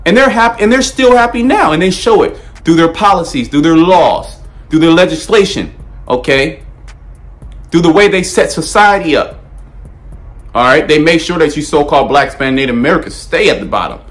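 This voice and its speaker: A man's voice: a little high, lively intonation, moderate pace, a bit bright. A man preaching a fiery, blunt sermon, repeating himself and checking in constantly with "okay?" and "all right?". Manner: emphatic, repetitive, peppered with "okay?" and "all right?"; frequent stammered restarts, blunt and profane.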